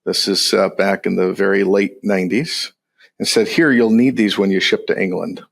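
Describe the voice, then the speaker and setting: Man, podcast guest, low pitch, gravelly, hesitant casual talk. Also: normal speed. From West Michigan. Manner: relaxed, hesitant with many uhs. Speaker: trade compliance guest. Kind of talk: casual chat.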